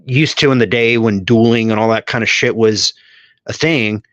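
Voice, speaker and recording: A man's voice: fairly low pitch, moderate pace, a bit bright, dry recording. A man on a casual podcast, telling long profane stories in a rambling way. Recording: dull lo-fi audio.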